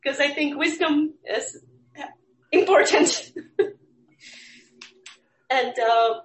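A woman's voice: sits high, extremely slow, echoey room, poor audio. A woman student sharing from her notes in class, listing qualities. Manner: reads a list of qualities with light laughs.

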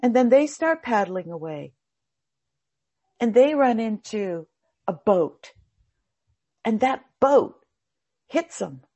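A woman giving a casual spiritual talk on meditation. She tells a parable in an animated way, acts out the voices and swears now and then. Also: a little high, takes it slowly, pauses often. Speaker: meditation teacher.

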